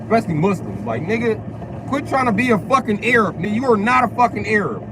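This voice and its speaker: A man's voice: high voice, very animated, fast, background noise. Crude ranting man in a car. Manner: blunt, crude, emphatic. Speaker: vlogger. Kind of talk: profane ranting monologue.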